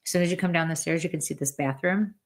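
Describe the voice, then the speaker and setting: A woman's voice: lowish voice, fast. A woman, a medium and podcast guest, tells a story in a chatty way, acting out the lines people said. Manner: chatty, acts out quoted dialogue. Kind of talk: casual storytelling in a podcast interview.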